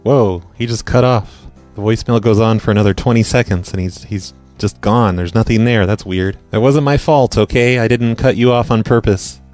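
A man's voice: fairly low pitch, normal speed, few pauses, darkish tone, soft background music. Laid back guy rambling on his prank call show, swears a bit. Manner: rambling, loose, swears casually. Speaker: podcast host and prank caller. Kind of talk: casual chat.

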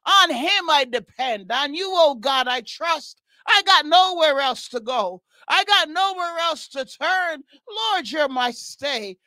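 Fervent high-voiced woman leading prayer. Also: bright, forceful tone, no echo. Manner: impassioned, repeating praise cries, bursts into tongues. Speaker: prayer leader. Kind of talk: fervent spoken prayer and exhortation.

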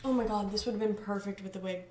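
Young female vlogger, playful and amused, mid-range voice, echoey room recording with clear background noise. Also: mid-range voice, fairly even intonation, fast, dark tone. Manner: playful, giggly, reads chatbot replies aloud. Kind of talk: casual comedic commentary.

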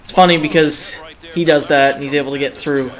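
A young man giving excitable live commentary on his own video game match, groaning and cheering at each play, his throat a bit dry. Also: on the high side, a little fast, faint music behind. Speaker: gaming channel host.

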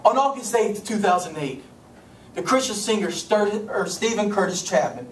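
A male pastor from Kentucky preaching a sermon, dramatic, dropping to soft low tones and rising again. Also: big pitch swings, normal speed. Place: church sanctuary. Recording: echoey church room, distant mic, faint noise.

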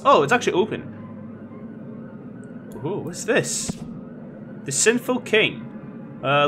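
A man playing a horror game and commenting casually, swearing and reading game text aloud. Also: high voice. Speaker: gaming video host. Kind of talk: let's-play commentary. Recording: home recording with clear background noise.

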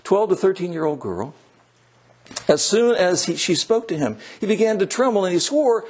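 A male priest delivering a sermon in church, hammering his points home by repeating them. His voice sits fairly high and has a husky edge. He slows down whenever he wants a line to land. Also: very animated, darkish tone. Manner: emphatic, repeats key phrases, slows to stress points.

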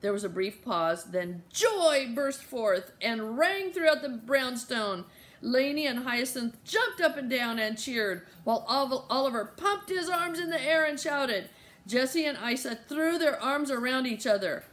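Casting: woman narrator, higher-pitched, children's audiobook storytelling. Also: lively intonation, a little slow, a bit bright. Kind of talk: scripted narration.

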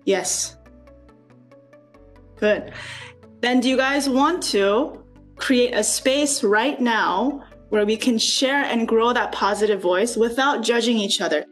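Woman on a video call, slow careful talk, keeps asking the group questions. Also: fairly high pitch, soft background music. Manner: slow, coaxing, asks many questions. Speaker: speaker leading a student workshop. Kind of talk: encouraging group facilitation over video call.

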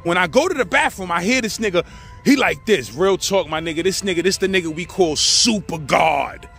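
A man with a New York accent telling prison stories in a casual, animated, slangy way. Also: high voice, brisk, creaky, breathy edge, soft background music. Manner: animated, slangy, acts out the people in his story. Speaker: storyteller host.

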